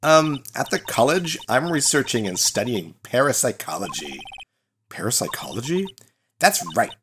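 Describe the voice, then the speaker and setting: A man's voice: sing-song, moderate pace, noisy background, close to an everyday voice. A man voicing a bubbly, ditzy young female college student in a put-on Valley Girl accent, full of "like". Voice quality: high, breezy, filler-heavy "like" talk.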